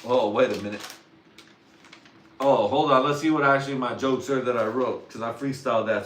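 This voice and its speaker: A man's voice: mid-range voice, moderate pace, distant mic, slight background noise. A man workshopping jokes on a livestream in a rambling, profane, self-doubting way. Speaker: livestream comedian. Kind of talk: casual livestream joke workshopping. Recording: roomy, away from the mic.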